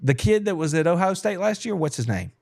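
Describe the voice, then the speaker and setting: A man hosting a casual sports podcast, animated and laughing, with Southern turns of phrase, from Georgia. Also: high voice, fairly quick, gravelly, no room sound, clean studio sound. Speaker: podcast host. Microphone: headset.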